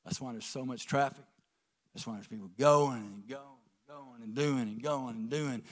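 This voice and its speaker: A man preaching a folksy sermon, swinging from quiet asides to emphatic calls to the congregation. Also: medium pitch, moderate pace. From American South. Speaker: pastor.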